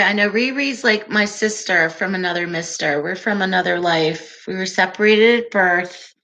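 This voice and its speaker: A woman hosts a relaxed livestream chat, her soft, calming voice unhurried and slow. Her tone is bright and clear, and she keeps it easygoing and giggly as she answers her viewers. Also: medium pitch. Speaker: livestream host.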